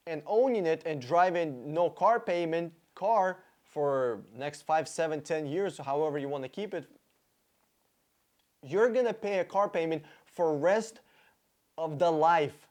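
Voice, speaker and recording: A man's voice: fairly high pitch, measured pace, darkish tone. A man hosting a car-buying video, reacting to an interview clip with blunt, profane sarcasm and mock emotion.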